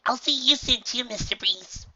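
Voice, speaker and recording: Man voicing a young filly in a storybook: soft, eager, bright, slightly dull lo-fi audio. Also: extremely high pitch, moderate pace, no echo, pitched above the performer's own voice, heavily acted. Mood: earnest. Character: young unicorn filly, earnest and emotional.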